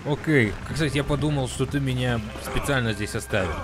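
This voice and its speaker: A man's voice: medium pitch, brisk, music in the background. A man with a Russian accent, a native Russian speaker, playing a migrant in a game roleplay who pleads in broken English and talks aside to viewers.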